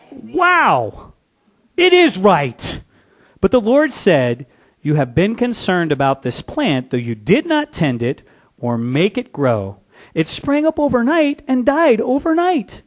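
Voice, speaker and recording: A male pastor preaching with a high voice that swoops up and down. He turns to the congregation with quick questions and briefly acts out characters from the story. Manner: animated, acts out biblical characters in quick asides; conversational, asks the congregation questions. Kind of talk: sermon.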